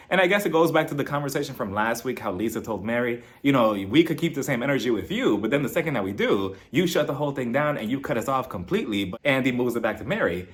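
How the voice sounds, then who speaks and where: A young man talks straight to his audience in a loose, gossipy recap, with his pitch sitting in a plain middle range. He slips into mocking voices of the people he retells and laughs along with his own jokes. The tone stays chatty and opinionated throughout. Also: expressive, fast talker, few pauses. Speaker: reality TV reviewer, channel host. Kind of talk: casual recap commentary.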